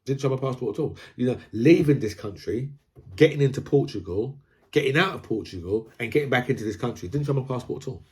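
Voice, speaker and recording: A man's voice: medium pitch, animated, fast talker, darkish tone. A man from Britain, ranting casually about politics, rambling, repeating himself and asking "right?" again and again. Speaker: political commentator.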